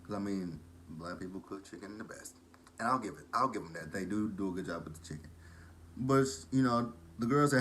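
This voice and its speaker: Low-voiced rambling man. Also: a little fast, a bit bright. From Texas. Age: 30s. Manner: rambling, profane, goes off on tangents. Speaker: TV episode reviewer. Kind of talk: casual vlog recap.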